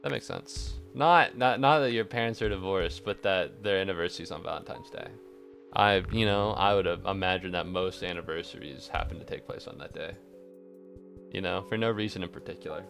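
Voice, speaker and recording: A man streaming casually, sarcastic and swearing often, swinging from mock-angry rants to quiet deadpan asides, sounding tired and stressed. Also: sits low, creaky. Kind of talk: casual live-stream chat.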